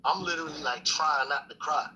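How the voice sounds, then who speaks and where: A man's voice: fairly high pitch, brisk, sharp tone, rough recording. A middle-aged man telling a story in a laid-back, profane street style, full of fillers. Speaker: guest storyteller. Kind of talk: casual storytelling chat.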